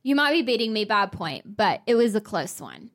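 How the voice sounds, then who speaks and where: A woman's voice: medium pitch, big pitch swings, dry recording, clean studio sound. A young woman co-hosting a podcast, chatting casually and laughing often while she cuts in. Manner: giggly, quick to interject. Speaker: podcast co-host. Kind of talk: casual chat.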